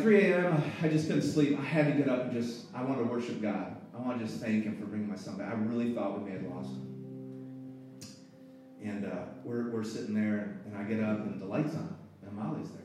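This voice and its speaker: Pastor preaching in a booming echoey hall. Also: male voice, mellow. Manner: earnest, emotional storytelling with pauses and restarts. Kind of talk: sermon storytelling. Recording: echoey hall, voice far from the mic, faint music.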